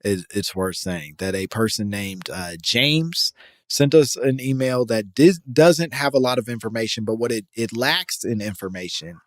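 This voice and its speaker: A podcast co-host with a fairly low voice reads out a listener's email at a normal pace, cracking profane jokes and laughing a lot. The recording is dry, and the feel is casual banter.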